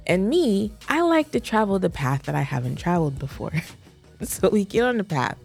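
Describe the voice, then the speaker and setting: A woman in her thirties co-hosting a podcast, telling stories with animated laughter in casual chat. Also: medium pitch, normal speed, gravelly, soft background music. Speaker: podcast co-host.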